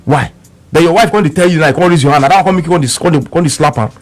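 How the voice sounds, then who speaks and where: Fast-talking Nigerian Pidgin man on radio. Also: on the high side, soft background music. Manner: emphatic, repeats words, quotes both sides of an argument. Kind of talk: animated storytelling on radio.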